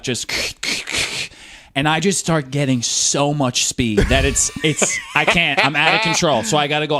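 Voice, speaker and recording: A man's voice: fairly high pitch, background noise. A man co-hosting a podcast, telling a story in casual, profane, rambling chat. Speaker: podcast co-host.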